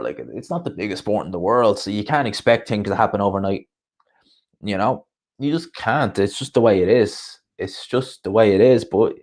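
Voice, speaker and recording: A man chatting casually on his boxing livestream, rambling through viewer comments and laughing often. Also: fairly low pitch.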